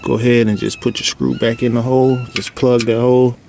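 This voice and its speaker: A man's voice: mid-range voice, brisk. A man casually explaining a car oil change step by step, slightly out of breath, recorded outdoors under a car on a windy day. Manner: relaxed, plain-spoken, instructive. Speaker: DIY car vlogger. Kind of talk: casual how-to narration. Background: wind and outdoor noise.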